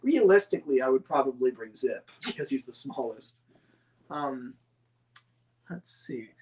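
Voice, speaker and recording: A man's voice: medium pitch, lively intonation, moderate pace, a little hiss or hum. A man rambling enthusiastically as a model-making hobbyist answering viewer questions, with many fillers and restarts. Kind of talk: casual chat.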